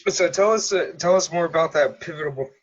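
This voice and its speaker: A man's voice: on the high side, fairly quick. A man hosting a podcast interview, laid-back and joking as he chimes in with quips and questions. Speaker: podcast host. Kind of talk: casual interview chat. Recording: slightly dull lo-fi sound.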